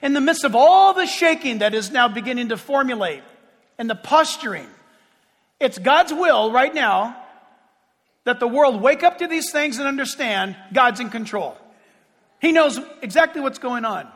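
A man preaching a fervent sermon as pastor, with sudden shouts and slow drawn-out phrases. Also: very high-pitched, expressive. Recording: long hall reverb.

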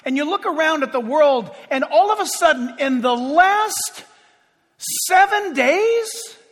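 A man preaching a fervent sermon as pastor, with sudden shouts and slow drawn-out phrases. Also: very high-pitched, lively intonation. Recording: long hall reverb.

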